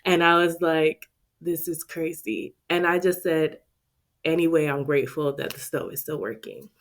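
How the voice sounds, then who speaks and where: A woman hosting a casual budgeting vlog, talking straight to her viewers in an expressive, chatty way. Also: sits low, moderate pace. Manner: expressive, talks straight to viewers with lots of "y'all". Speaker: budgeting vlogger and channel host.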